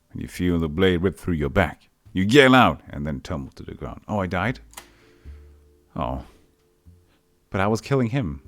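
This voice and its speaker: Deep-voiced male streamer, playful theatrical reader with quick asides, dry close sound. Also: dry recording. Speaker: streamer playing a text adventure. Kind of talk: reading and reacting to an AI text game.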